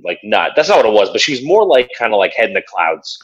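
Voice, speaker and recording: A man's voice: fairly low pitch, very animated, quick pace. A young man co-hosting a podcast, chatting casually and acting out quotes from a reality show. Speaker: podcast co-host. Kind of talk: casual chat. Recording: dull lo-fi sound.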